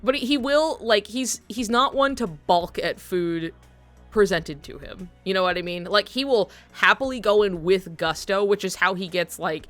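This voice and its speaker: A woman's voice: medium pitch, normal speed, a bit bright, soft background music. Giggly rambling woman streamer. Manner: rambling, giggly, lots of fillers. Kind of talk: casual chat while gaming.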